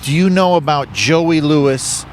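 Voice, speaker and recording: A man's voice: on the high side, expressive, unhurried, a little hiss or hum. A man co-hosting a podcast from a car, chatting casually and teasing with dry provocations. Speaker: podcast co-host. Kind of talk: casual chat.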